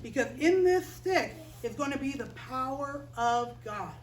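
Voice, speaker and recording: Woman doing an authoritative male God, slow emphatic commands, voice bright and high, heard from far off in an echoing room. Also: animated, a little hiss or hum. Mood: commanding.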